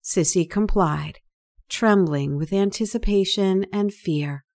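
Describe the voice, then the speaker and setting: A woman narrating an erotic story in a slow, deliberate reading voice. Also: mid-range voice, a little mellow.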